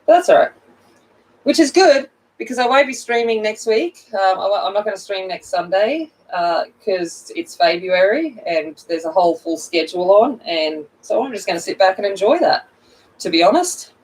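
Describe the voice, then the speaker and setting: A woman's voice: medium pitch, expressive, moderate pace, a little mellow, distant mic, poor audio. Chatty woman coloring on a livestream. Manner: chatty, greets viewers by name, laughs at herself. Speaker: coloring channel host. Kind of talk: casual chat while coloring on a livestream.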